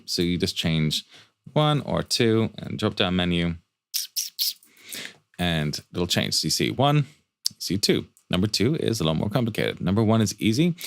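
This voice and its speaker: A man teaching a fast spreadsheet walkthrough for startup finances, talking quickly with joking asides and rhetorical questions. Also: sits low, vocal fry, no echo.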